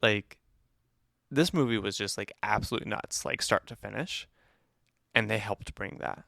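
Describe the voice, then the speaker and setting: A man co-hosts a casual movie review podcast, his voice gravelly with a bit of fry. He teases his partner and laughs easily, in a dry room with no echo. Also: on the low side, sharp tone. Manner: playful, teasing, quick to laugh. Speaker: podcast co-host.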